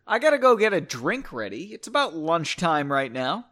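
A man hosts a casual solo podcast and rants freely, mocking himself as he goes. His voice sits a little high and jumps all over the place, flaring into loud bursts and then dropping to a mutter. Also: very animated, normal speed. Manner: ranting, self-mocking, swings between loud outbursts and mumbling asides. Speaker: podcast host reading his own book.

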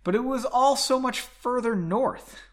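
A man's voice: very high-pitched, measured pace, voice pushed up. A man voicing a panicked young male alchemist who talks in a fearful, wailing way. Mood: defeated.

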